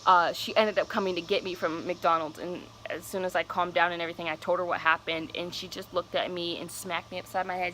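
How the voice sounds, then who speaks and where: A woman's voice: on the low side, fairly even intonation, quick pace, few pauses, bright, forceful tone, a little hiss or hum, rough recording. A young woman telling a personal story on her vlog, casual, candid and cursing freely. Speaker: vlogger.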